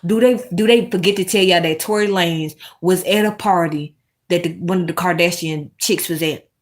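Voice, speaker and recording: A woman hosting a casual commentary monologue, animated and swearing, talking straight to her viewers. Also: on the low side, normal speed. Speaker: commentary host.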